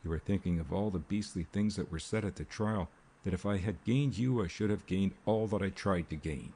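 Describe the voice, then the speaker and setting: A man voices an earnest young man speaking gently to the woman he loves. The voice is very low, dark, and husky, like an audiobook read aloud. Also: a little fast. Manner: earnest, quiet.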